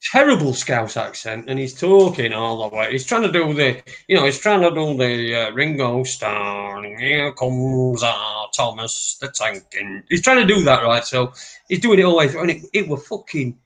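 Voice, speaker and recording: A man's voice: medium pitch, very animated, normal speed, a bit bright. A man, co-hosting a casual chat and telling rambling, sweary stories. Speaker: podcast co-host.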